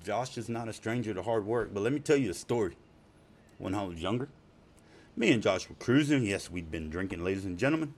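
A man's voice: lowish voice, lively intonation, brisk. A middle-aged man telling casual, profane stories, rambling and laughing often. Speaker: storyteller. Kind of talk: casual spoken storytelling.

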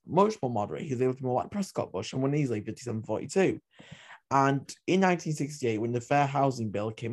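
A man's voice: mid-range voice, a little mellow. A man hosting a history podcast, retelling events with passionate, opinionated asides. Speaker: podcast host.

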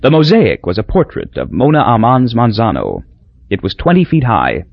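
A man narrates a novel in a wry, measured way, his husky voice swinging widely in pitch. The recording is dry and dull, with a lo-fi edge. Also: wildly swooping pitch, dry recording. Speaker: audiobook narrator. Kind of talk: scripted narration.

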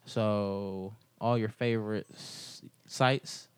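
A man's voice: fairly low pitch, steady tone, takes it slowly, smooth, no room sound. A young man hosting a casual podcast chat, telling rambling stories full of filler words. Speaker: podcast host.

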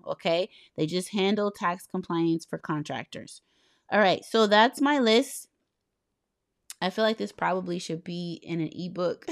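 A woman talking casually about business credit and payroll, chatty and animated, laughing often and spelling things out slowly. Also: mid-range voice, no echo, studio quality. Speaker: small business coach. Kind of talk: casual advice monologue.

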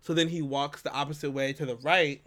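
A man with a voice on the high side talks a little fast as he co-hosts a podcast, telling a story casually. Animated throughout, he laughs often and imitates what people said.

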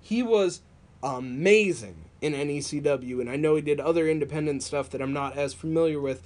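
Brief: man, slightly raised pitch, chatty storyteller, casual podcast co-host. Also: brisk. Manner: storytelling, animated, laughs often. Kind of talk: casual wrestling chat.

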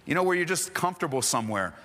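A man pastor preaching an animated, emphatic sermon, repeating phrases and slipping casual slang into his teaching. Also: on the high side, racing, long reverb tail. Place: church.

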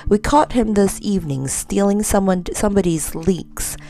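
Lady doing a bossy policeman telling someone off, loud and a bit gravelly. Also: mid-range voice, normal speed, close to an everyday voice. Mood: scolding. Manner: lecturing and reproving. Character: stern, scolding grown male head policeman. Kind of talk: storybook character voice.

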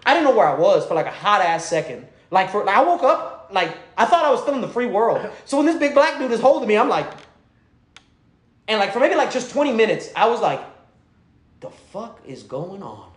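In a roomy, echoing recording, a man talks at a brisk pace in slangy, casual conversation, telling stories with animation. He laughs through the humorous moments and drops to a low, quiet voice whenever he quotes someone.

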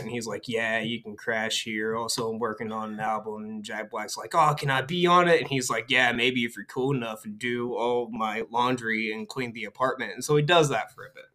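A man casually retelling a film's plot on a podcast, rambling with many fillers and quick character voices. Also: mid-range voice, fairly bright tone. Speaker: podcast host. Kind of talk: casual movie recap.

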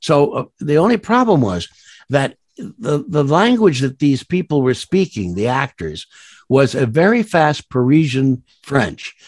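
A man's voice: on the high side, big pitch swings, measured pace, darkish tone, no room sound, clean studio sound. A man, a voice actor being interviewed, telling rambling anecdotes full of fillers and restarts, laughing at his own stories. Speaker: voice actor guest.

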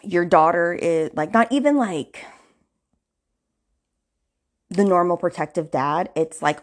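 Recapping a novel's plot on her podcast, a woman speaks slowly in a lowish, expressive voice with long pauses. Her chatty retelling is full of "like" and "you know," plus some indignant asides.

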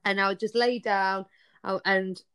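A woman's voice: medium pitch, a little slow, clear, resonant tone. A young woman, a podcast guest telling her story in casual chat and acting out the dialogue. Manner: animated, acts out quoted dialogue.

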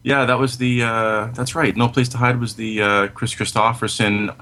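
A man's voice: mid-range voice, flat delivery, moderate pace, bright, forceful tone. A man co-hosting a casual film podcast, chiming in with short bursts of film trivia and laughter. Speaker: podcast co-host.

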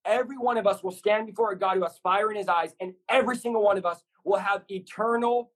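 A man preaching fervently as a podcast guest, his voice pitched high for a man and a little husky. He drives his point home in stacked, repeated short lines, with the insistent push of a sermon. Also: fast talker, fairly bright tone, poor audio. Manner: intense, repetitive, builds lists of short punchy lines.

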